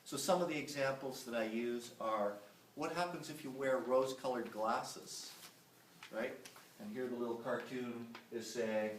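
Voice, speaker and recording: A man's voice: medium pitch, measured pace, a little hiss or hum. A man giving a public lecture, emphatic and often checking in with his audience by asking "right?". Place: lecture room. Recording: roomy, distant from the mic.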